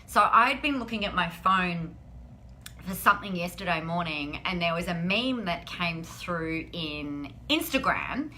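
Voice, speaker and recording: A woman's voice: on the low side, expressive, measured pace, sharp tone, slight background noise. A woman hosting a live stream, chatting in an upbeat, encouraging way and often saying "like". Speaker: host of a weekly live business show. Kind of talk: casual live-stream chat.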